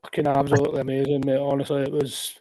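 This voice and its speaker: A Scottish man hosting a podcast, chatting casually, swearing freely and dropping quick "aye"s and "mate"s. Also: medium pitch, completely flat delivery, a little mellow, no room sound. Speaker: podcast host. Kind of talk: casual chat.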